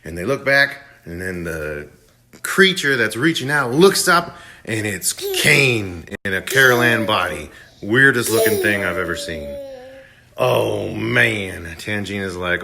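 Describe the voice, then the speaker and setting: A man retelling a movie plot in a casual, animated way as a movie reviewer. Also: on the low side, measured pace, crowd noise. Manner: animated storytelling.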